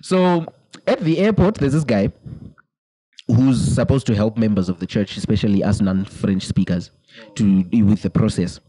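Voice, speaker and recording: A man's voice: on the low side, normal speed, mellow, slightly rough, dry recording, rough recording. A young man, a podcast co-host, telling a long personal story in casual chat, laughing often and quoting people in put-on voices.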